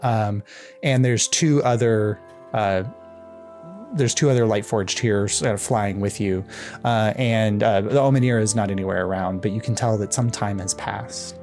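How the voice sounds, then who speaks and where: A man's voice: lowish voice, steady tone, moderate pace, darkish tone, faint music behind. A man narrating as game master of a tabletop game in a rambling, filler-heavy way. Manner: rambling narration with many ums and likes.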